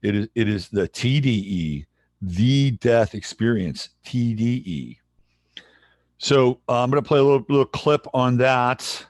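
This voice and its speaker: A man hosting a livestream in casual chat, relaxed and rambling as he greets viewers. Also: medium pitch, measured pace, dry recording. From San Jose, California, USA. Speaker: livestream host.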